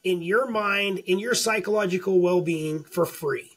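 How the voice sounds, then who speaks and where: A man's voice: high voice, a little slow, fairly bright tone, slightly rough. An older man co-hosting a podcast, giving frank advice in casual chat and calling his co-host out. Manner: coaching, calls the other host out.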